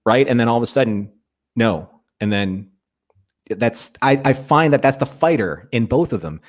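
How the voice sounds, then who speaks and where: A man's voice: mid-range voice, animated, normal speed. A man co-hosting a podcast, talking in a rambling, enthusiastic way about a favorite show. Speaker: podcast co-host. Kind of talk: casual fan discussion.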